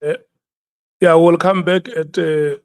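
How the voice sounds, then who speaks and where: Man, committee chair, gravelly, slow, repeats words, dry sound. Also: a little high, level tone, no room sound. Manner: hesitant, repeats words as he restarts. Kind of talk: chairing a parliamentary hearing.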